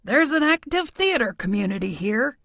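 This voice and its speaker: A woman's voice: fairly high pitch, very animated, moderate pace, gravelly, a bit bright, no echo, studio quality, full character voice. A woman voicing a genial older male small-town police chief who asks folksy, probing questions. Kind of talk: audiobook character voice.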